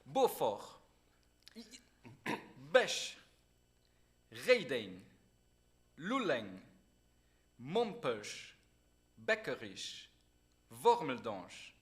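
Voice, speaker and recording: A man with a Luxembourgish accent leads a casual comedy quiz, reading place names at an unhurried, careful pace. His voice is bright and clear, and his pitch rises and falls a lot as he teases his opponent and laughs along. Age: adult, a teacher. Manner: reads names deliberately, laughs often. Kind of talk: casual comedy game chat.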